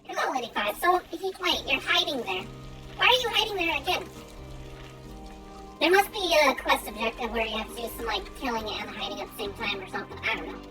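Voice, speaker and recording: A woman's voice: fairly high pitch, lively intonation, brisk, pushed and bright. A young woman streaming a game, chatting playfully and thinking aloud as she plays. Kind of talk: casual gameplay commentary. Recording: game music behind.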